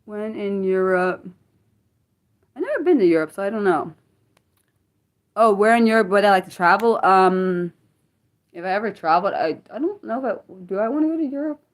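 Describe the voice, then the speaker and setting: A woman's voice: mid-range voice, animated, moderate pace, long pauses. A woman hosting a casual unscripted livestream, rambling as she reacts to chat comments and often apologizes. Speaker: livestream host.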